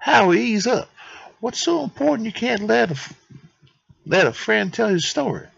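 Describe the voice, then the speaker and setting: A man's voice: mid-range voice, expressive, brisk, pushed and bright. A man voicing a boisterous, rambling male character who won't stop telling stories. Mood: evasive. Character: chatty male mountain-town friend, pushy storyteller. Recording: dull dry lo-fi mic.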